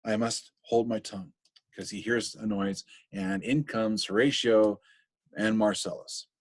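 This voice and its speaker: A man's voice: fairly low pitch, level tone, measured pace, dry recording. A man teaching a recorded literature lesson, thinking aloud casually as he explains.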